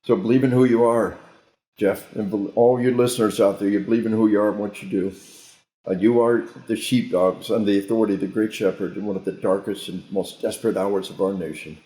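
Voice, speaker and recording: A man's voice: on the low side, steady tone, fairly quick, dark tone. A man, a guest military trainer, talking in an emphatic, sermon-like way with frequent restarts. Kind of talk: interview talk, preachy storytelling. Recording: roomy echo.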